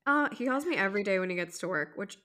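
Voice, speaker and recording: A young woman co-hosting a casual podcast chat, telling animated stories and swearing freely. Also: mid-range voice, fast, a crowd in the background. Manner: animated storytelling, mimics her husband, swears. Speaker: podcast co-host.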